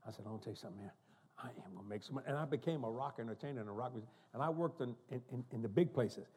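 An older man preaching a storytelling sermon in a church, animated and joking as he goes. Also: mid-range voice, very fast, husky. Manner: animated, joking, laughing asides. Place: church sanctuary.

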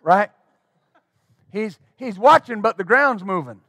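A middle-aged man pastor telling a folksy story in a sermon, animated and full of restarts. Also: high-pitched, slow, husky, no echo. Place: church.

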